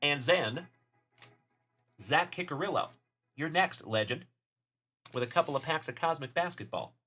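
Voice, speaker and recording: A man's voice: on the high side, expressive, moderate pace. A man from Texas hosting a live card-opening stream, chatting casually and cheerfully calling out viewers by name. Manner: upbeat, shouting out chat viewers by name. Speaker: card-breaking livestream host.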